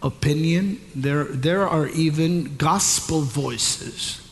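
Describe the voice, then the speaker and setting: A man delivers a sermon, moving from slow, halting teaching to rising shouted proclamations. His voice sits a bit high for a man and he takes his time. The sound carries a long hall reverb with faint room ambience behind it. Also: steady tone, creaky. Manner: builds from measured teaching to shouted climax, repeats words. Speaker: preacher.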